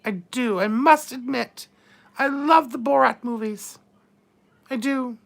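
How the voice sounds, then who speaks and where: Brief: woman as a vain mature duchess, high-voiced, unhurried drawl, bawdy and grand. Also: vocal fry, heavily acted. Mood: flirtatious. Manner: drawling, calls everyone darling, bawdy innuendo. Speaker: live-stream host in character. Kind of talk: live chat read-out in character.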